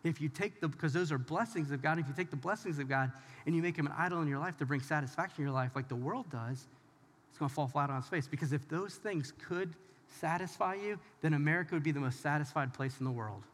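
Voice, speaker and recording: A man with a fairly high voice preaches to a congregation in a casual, direct way and keeps turning to address his listeners. His words ring out with a long reverb from a large hall. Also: fast. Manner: talks straight to the audience, informal and emphatic. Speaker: pastor. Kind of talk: conversational sermon.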